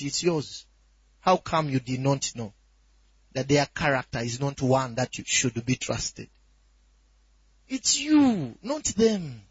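A man's voice: medium pitch, husky, no room sound. Emphatic preacher man, dull lo-fi sound. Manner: emphatic, rising to shouts and quoting scripture with a crying tone. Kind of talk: sermon.

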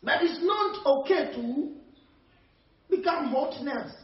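A man's voice: extremely high pitch, slow. A male preacher delivering a sermon, checking in with his listeners and laughing between points. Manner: animated, calls out to the congregation, laughs between points. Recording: dull, echoey, distant mic.

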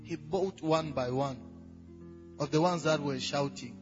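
Slow-speaking male preacher in a hall. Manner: builds from low and measured to loud, high exclamations. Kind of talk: sermon. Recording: dull sound in a reverberant hall with faint music.

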